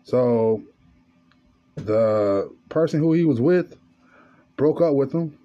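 Slow-paced and lively in intonation, a man with a medium-pitched voice hosts a podcast, telling a story through a casual, profane monologue that escalates into an angry rant. The highs in the audio are cut off.

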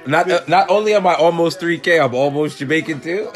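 A young man co-hosting a podcast, bantering loudly and laughing often. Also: fairly high pitch. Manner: loud, joking, quick to laugh. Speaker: podcast co-host. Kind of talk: casual banter.

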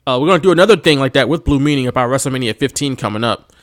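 A man with a Philadelphia accent co-hosting a podcast in casual, animated chat, laughing often and talking slangy. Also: medium pitch, racing. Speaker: podcast co-host.

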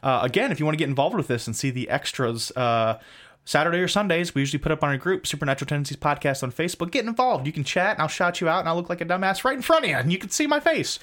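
A man co-hosting a casual podcast livestream, rambling through details with self-deprecating asides and quick jokes. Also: on the high side, animated, a bit bright. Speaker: podcast co-host.

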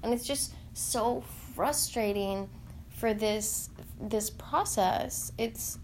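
A woman in an earnest, heartfelt spiritual monologue, halting and searching for words with many fillers. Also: fairly high pitch, a little mellow, a little hiss or hum.

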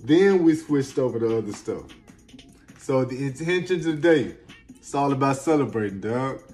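Brief: man, slangy motivational vlog host, mid-pitched, light music under him. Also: moderate pace. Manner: energetic, slangy, emphatic, swings between loud and soft. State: close to tears at times. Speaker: self-help video host. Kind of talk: motivational casual talk to camera.

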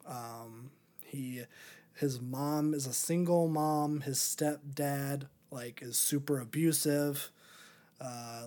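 A man's voice: mid-range voice, warm tone. Podcast host, male, casual movie chat, hesitant and rambling, mid-range voice. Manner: rambling, many ums and restarts.

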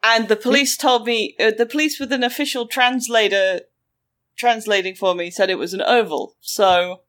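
Woman host, lively sarcastic storyteller, fairly high voice. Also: moderate pace. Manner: animated, sarcastic, acts out quotes. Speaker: podcast host telling a story. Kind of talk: casual storytelling chat.

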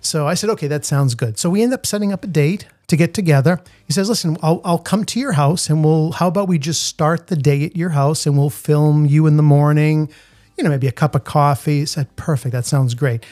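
A man's voice: a little high, fairly quick, darkish tone, no echo. A middle-aged man with a Boston accent, telling a story in a casual, rambling podcast monologue full of fillers and restarts. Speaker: podcast host, street photographer.

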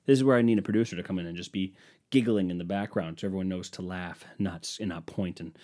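A young man hosting his own podcast, ranting in a worked-up way that swings from loud outbursts to low mutters. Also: fast talker. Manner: worked-up ranting, swinging between shouting and mumbling. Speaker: podcast host. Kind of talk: solo podcast rant.

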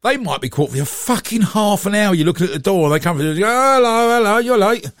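A man co-hosting a casual chat show, rambling and quick to laugh. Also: high-pitched, lively intonation, no echo, studio quality. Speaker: co-host. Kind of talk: casual banter.

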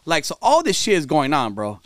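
A man's voice: on the high side, wildly swooping pitch, fairly quick, no room sound, clean studio sound. A man telling a story in casual chat, laid-back, with slang and swearing. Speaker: podcast co-host.

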